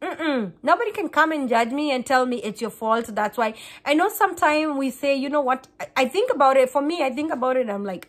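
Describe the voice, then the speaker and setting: A woman, a Kikuyu speaker, chatting fast to camera in a casual vlog, often repeating and restarting words. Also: high voice. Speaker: vlogger.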